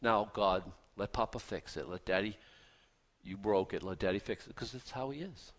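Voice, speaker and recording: Folksy, animated male preacher. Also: fairly low pitch, normal speed. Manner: animated, acts out voices of biblical figures; folksy, punchy delivery with rhetorical questions. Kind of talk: sermon.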